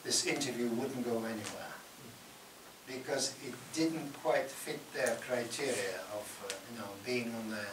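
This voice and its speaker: A man giving a lively talk in a university lecture hall. He laughs often and answers audience questions. The recording is taken from well back in a roomy hall, with steady background noise. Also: mid-range voice, a little slow, recorded from a distance. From Russia. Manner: animated, laughs often, acts out Russian voices loudly. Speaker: guest speaker.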